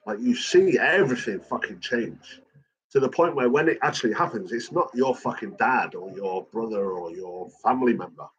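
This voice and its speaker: A man's voice: on the low side, highs cut off. A man talking casually and emotionally about his late father, swearing a lot and rambling. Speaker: son of a late cartoonist, guest.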